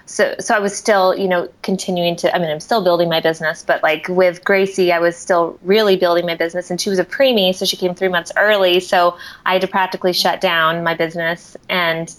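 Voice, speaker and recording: Thirties woman with a slightly low voice, a chatty mom who laughs often and trails off mid-thought. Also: fairly even intonation, a little fast, few pauses, poor audio. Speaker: photographer running her own business. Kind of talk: casual conversation.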